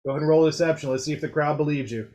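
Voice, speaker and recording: A man narrating as dungeon master in a relaxed, unhurried way with fillers. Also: fairly high pitch. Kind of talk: narrating a tabletop game.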